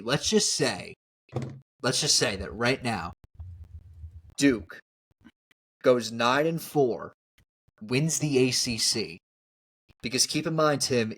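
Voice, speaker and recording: A man co-hosting a casual sports podcast, animated and quick to laugh, often talking over his partner. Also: medium pitch. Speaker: podcast co-host.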